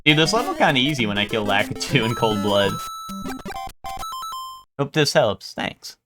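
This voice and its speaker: A man's voice: medium pitch, sing-song, moderate pace, music in the background. A young man chatting casually with his viewers during a live game stream, joking and riffing on chat.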